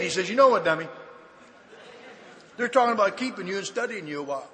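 Bright-voiced man telling his story in an echoey hall. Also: high-pitched, quick pace, a little hiss or hum. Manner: lively storyteller who acts out the dialogue. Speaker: speaker sharing his recovery story. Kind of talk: personal testimony at a recovery meeting.

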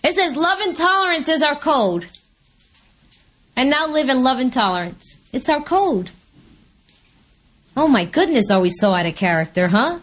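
A woman shares her own story at a recovery meeting, her high voice swooping up and down as she acts out what she said. She tells it like a lively storyteller, often laughing. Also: moderate pace, long pauses. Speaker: speaker sharing at a recovery meeting. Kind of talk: personal testimony with anecdotes.

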